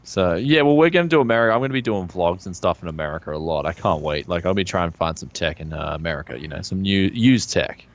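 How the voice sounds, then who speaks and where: A man's voice: low-pitched, lively intonation, quick pace, few pauses, lo-fi sound. A man with an Australian accent co-hosting a casual stream chat, joking and laughing often. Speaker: co-host.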